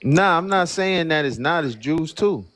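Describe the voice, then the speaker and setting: A man's voice: fairly high pitch, animated, unhurried, fairly bright tone. A man from Brooklyn with a Brooklyn accent, calling in to a radio show and talking loosely with many fillers. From Brooklyn, New York. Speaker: caller. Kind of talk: casual phone-in chat.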